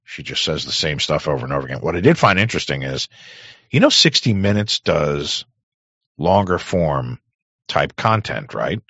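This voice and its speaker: A man hosting a talk show, rambling in crude, sarcastic casual commentary with a hoarse voice. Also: extremely low pitch, big pitch swings, moderate pace, pushed and bright, no echo, highs cut off. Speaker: podcast host.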